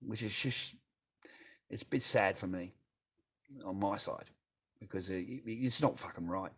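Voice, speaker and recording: A man's voice: lowish voice, a little slow, a bit bright, breathy edge. A middle-aged Australian man talking on a casual livestream, bitter and rambling, swearing constantly as he answers his chat.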